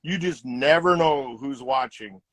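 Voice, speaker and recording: A middle-aged retired hockey player tells stories casually in an interview, animated and acting out the quotes within them. His voice is fairly high, a little slow, and gravelly. The recording is dry and low in quality.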